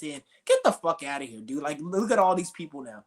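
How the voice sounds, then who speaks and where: Man, ranting monologue, swearing constantly, confrontational, voice a bit on the high side. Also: sing-song, a little fast, hardly any pauses. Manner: profane, confrontational, insulting. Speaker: streamer.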